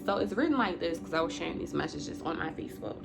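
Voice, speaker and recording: A woman's voice: on the low side, animated, fast talker, gravelly. A woman giving a casual spiritual talk to her viewers. She is chatty, calls them y'all and laughs often. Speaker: intuitive spiritual reader. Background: music.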